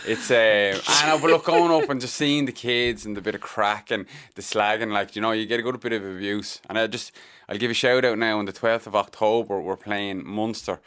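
A man's voice: on the low side, brisk, clean tone. A man with an Irish accent, a sports mascot performer, telling joking stories as a radio guest. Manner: lively storyteller, animated, joking. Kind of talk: casual radio interview guest.

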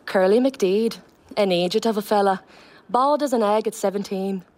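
A woman's voice: mid-range voice, moderate pace, darkish tone, natural voice. Maggie: a woman putting on a wry Donegal countrywoman. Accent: Donegal Irish, put on. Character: plain-spoken Donegal countrywoman from a stage play.

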